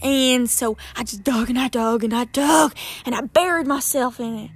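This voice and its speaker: A woman's voice: a little high, fairly even intonation, normal speed, breathy edge, dry recording. A woman guest telling a story casually and dramatically, repeating phrases for effect.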